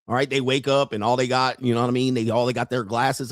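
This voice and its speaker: A man's voice: medium pitch, flat delivery, fast, hardly any pauses, no room sound, clean studio sound. A man hosting a casual live stream, talking straight to his viewers in a brash, profane, rambling way with frequent laughter.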